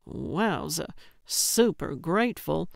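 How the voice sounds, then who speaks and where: Gertrude: slow, deadpan old lady sleuth, sarcastic and stubborn, read by a woman narrator, smooth dry audiobook sound. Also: sits low, dry recording, heavily acted. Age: older.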